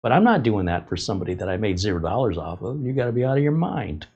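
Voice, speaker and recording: A man's voice: on the low side, big pitch swings, fast, a little mellow, breathy edge, lo-fi sound. A man hosting a tech livestream, talking in a candid, emphatic, rambling way about his own mistakes. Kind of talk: casual livestream talk.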